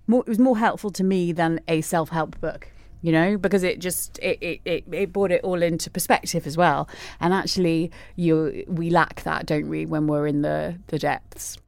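A woman hosting a podcast, talking in an effusive, halting way with many restarts. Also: low voice, fairly even intonation, gravelly, darkish tone, no echo. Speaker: podcast host. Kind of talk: podcast interview and outro.

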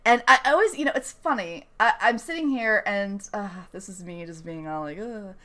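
Young woman podcaster, chatty recap, bright tense-ish voice, acts out every scene. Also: medium pitch, fairly quick. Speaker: podcast host. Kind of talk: casual TV recap chat.

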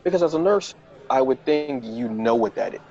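A male podcast host telling a casual, self-mocking story and jumping into high, flustered voices when he quotes himself. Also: expressive, normal speed, warm tone, lo-fi sound.

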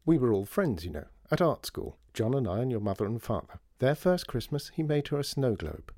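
A man voicing a stern older woman, a family friend who scolds and then turns gentle. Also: medium pitch, sing-song, brisk, dry recording, studio quality.

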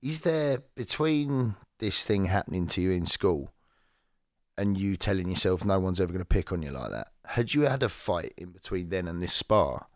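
A man's voice: sits low, sing-song, moderate pace, dry recording, studio quality. A man hosting a podcast, asking questions and reading an ad in a casual chat, with an English accent. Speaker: podcast host. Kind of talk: casual interview chat and sponsor read.

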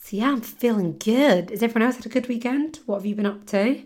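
A young woman hosts her own podcast, chatting casually and rambling with lots of "like", her voice a little rough from a sore throat. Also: a little high, fast talker, a little mellow. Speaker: podcast host. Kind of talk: casual solo podcast chat.

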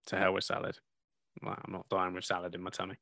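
A man co-hosting a podcast, easygoing and quick to laugh. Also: sits low, completely flat delivery, creaky, sharp tone, dry recording. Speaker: podcast co-host. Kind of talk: casual chat.

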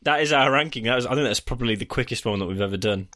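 A man co-hosting a podcast, chatting casually, swearing freely with quick asides. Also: medium pitch, sharp tone. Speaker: podcast co-host. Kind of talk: casual chat.

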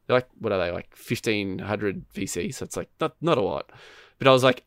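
Male podcast co-host, mid-pitched, rambling and profane, close dry sound. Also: fast, no room sound. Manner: rambling, profane, animated storytelling. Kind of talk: casual gaming chat.

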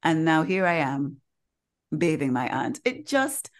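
A woman co-hosting a podcast, telling a personal story in a casual, animated way and acting out the voices of the people in it. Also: deep voice, measured pace. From Caribbean. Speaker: podcast co-host. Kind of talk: casual chat.

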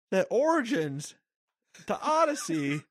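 A man's voice: high-pitched, slow pace, no room sound, clean studio sound. A man co-hosting a casual gaming chat, ranting and swearing for laughs in a mock-executive bit. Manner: animated, profane, mock-ranting. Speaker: podcast co-host. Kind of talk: casual comedic chat about games.

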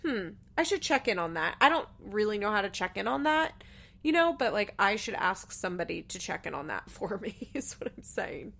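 A woman's voice: medium pitch, sing-song, a little fast, vocal fry, a bit bright. A woman hosting a podcast, chatting casually through a TV episode recap and laughing often. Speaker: podcast host.

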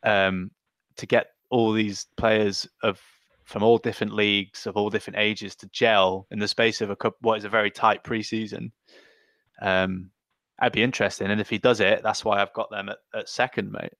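A man's voice: on the low side, little pitch movement, moderate pace, a bit bright, no echo. A man co-hosting a casual football podcast, laid-back and joking. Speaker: podcast co-host.

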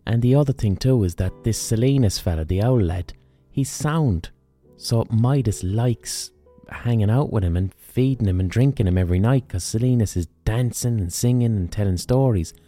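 A man's voice: on the low side, normal speed, dark tone, soft background music. A man with an Irish accent, a podcast host, telling a story in a casual, earthy way with plenty of slang and swearing. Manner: colloquial, earthy, swears freely.

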